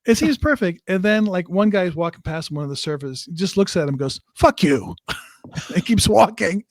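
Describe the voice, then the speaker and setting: A man's voice: high-pitched, moderate pace, dry recording, clean studio sound. A man co-hosting a casual film review, retelling the plot in a rambling way with restarts.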